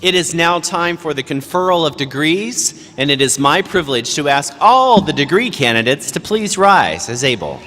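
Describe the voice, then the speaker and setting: A man serving as provost, formally presenting degree candidates in a measured manner. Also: fairly high pitch, big pitch swings, pushed and bright. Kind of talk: formal ceremony announcement. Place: large hall. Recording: echoey hall with faint noise.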